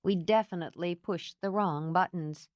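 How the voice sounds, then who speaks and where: A woman's voice: on the low side, moderate pace, darkish tone, dry recording, natural voice. A woman voicing a wry, easygoing married woman friend with a dry, offhand manner.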